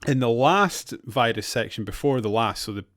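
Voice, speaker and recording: This podcast co-host is a man with a mid-range, expressive voice, a fairly bright tone, and a normal speaking speed. He chats casually but hesitantly, restarting often and laughing between remarks, in a dry, studio-quality recording.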